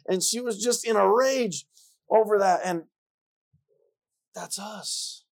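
A man preaching a sermon, repeating himself and rising from quiet passages to loud ones. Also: sits high, unhurried, gravelly, pauses often.

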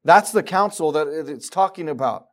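A man with a high-pitched voice preaches a sermon with fervour. He drops to a near hush, then builds to loud, emphatic declarations. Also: expressive, moderate pace. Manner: fervent, swinging from quiet to loud.

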